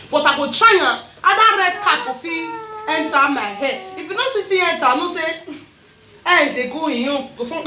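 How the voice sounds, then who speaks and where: A woman with a Nigerian accent, chatting casually in a vlog, animated and laughing often, repeating her phrases. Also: high-pitched, roomy sound, a little hiss or hum. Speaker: vlogger host.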